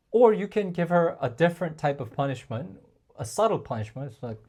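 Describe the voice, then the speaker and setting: A man coaching male viewers on dating in a casual, chatty talk to camera, often calling them guys and filling pauses with like and um. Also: fairly high pitch, sing-song, a little mellow. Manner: chatty, addresses viewers as guys, frequent fillers.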